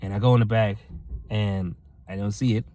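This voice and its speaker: A man's voice: on the low side, fairly even intonation, moderate pace, slight background noise. A man giving a rambling, earnest motivational talk to his viewers, acting out other people's voices as he tells a story. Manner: rambling, earnest, addresses "ladies and gentlemen"; acts out quoted voices in his stories. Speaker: motivational vlogger.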